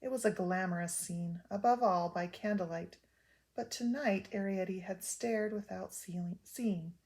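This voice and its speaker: An older woman reading a children's book aloud in a gentle, measured storytelling voice. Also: medium pitch.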